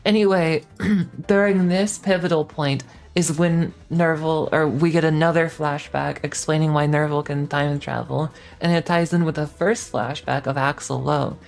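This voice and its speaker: A woman's voice: sits low, steady tone, moderate pace, creaky, darkish tone. A woman streamer casually retelling a game's story, rambling with lots of "like" and frequent swearing. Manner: rambling, heavy filler 'like', frequent swearing. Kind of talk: casual game plot recap.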